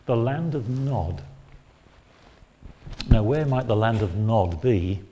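A man gives an expository sermon, building his points step by step in a measured, explanatory way. He pauses on frequent fillers, and his voice sits on the low side. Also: animated, dark tone. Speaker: preacher.

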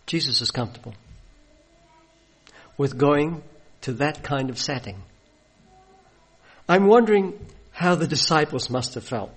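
A man's voice: a little high, a bit bright, slightly rough. A man preaching a sermon, retelling a gospel story and acting out the voices of its people. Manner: storytelling, acts out voices of biblical figures.

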